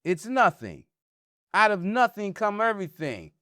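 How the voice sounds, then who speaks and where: A man's voice: sing-song, a little slow, pushed and bright, no room sound, studio quality. Man teaching with rising emphasis. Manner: teaching, asks "huh?" to check listeners follow; rises in pitch and force when stressing a point. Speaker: religious teacher. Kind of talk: religious discussion.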